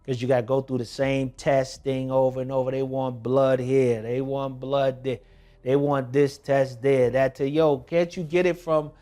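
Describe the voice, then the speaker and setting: A man telling a personal testimony in a vlog, moving from hushed tones to emphatic shouting. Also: mid-range voice, little pitch movement, normal speed. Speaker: documentary vlogger.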